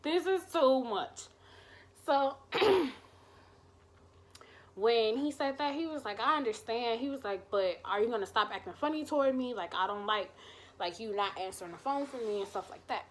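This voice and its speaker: Woman doing a storytime vlog, kinda high voice, acts out what everybody said, cusses a lot. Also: normal speed. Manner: animated, acts out quoted dialogue, swears freely. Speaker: vlogger telling a personal story. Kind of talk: casual storytime.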